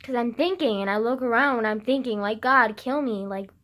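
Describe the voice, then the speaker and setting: High-pitched young woman rambling at her webcam, swears a lot, says like every other word. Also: a little fast. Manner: rambling, self-mocking, swears often, fillers everywhere. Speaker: vlogger. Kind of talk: rambling casual monologue.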